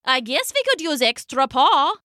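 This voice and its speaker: A woman's voice: high-pitched, big pitch swings, normal speed, pushed and bright, no room sound, studio quality, exaggerated voice. A woman doing a practical old grandma. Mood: matter-of-fact.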